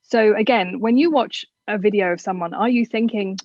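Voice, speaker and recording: A woman's voice: mid-range voice, moderate pace, few pauses, a little mellow, no echo, highs cut off. A woman from England with a generic southern English accent, giving frank, chatty advice as an interview guest. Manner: frank, chatty, self-deprecating.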